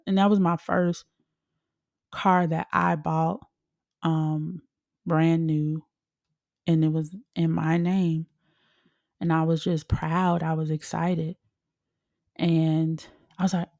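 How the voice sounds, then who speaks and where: A woman podcaster who works as a medium talks at an unhurried pace, her lowish voice carrying a gravelly fry. Her tone is relaxed and chatty, full of loose, colloquial phrasing. The sound is close and dry. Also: no echo. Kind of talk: casual motivational talk.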